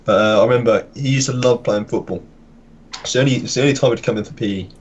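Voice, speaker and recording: Brief: young guy, rapid-fire delivery, laddish storyteller, light background hiss. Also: medium pitch, dull audio. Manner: quick profane storytelling. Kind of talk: casual chat while gaming.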